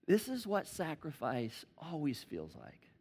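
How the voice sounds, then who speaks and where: A high-pitched middle-aged man preaches to his congregation in a church hall, his voice trailing off in a long reverb. He talks plainly, then bursts into loud, animated shouts and acted-out noises as he tells a story. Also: a little slow, breathy edge. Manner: animated, acts out stories with loud shouts and sound effects. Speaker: pastor. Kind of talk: sermon.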